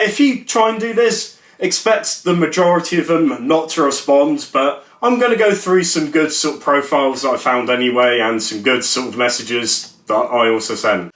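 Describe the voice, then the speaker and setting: The voice of this young adult YouTuber is on the high side and a bit bright as he rambles and makes self-mocking jokes in a casual vlog. It was recorded in an echoey room.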